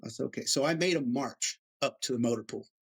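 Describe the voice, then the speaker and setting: A man's voice: medium pitch, fast talker, breathy edge. A middle-aged American man, an Army veteran, telling stories casually in an interview and acting out the voices of the people he quotes. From United States. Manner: animated storyteller, acts out quoted voices.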